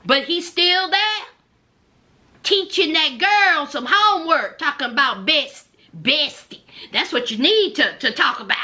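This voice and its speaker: A woman's voice: high-pitched, animated, a little slow, pushed and bright. A woman with a Southern US accent giving sassy, emphatic commentary on a reality show, speaking straight to her viewers. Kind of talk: casual commentary.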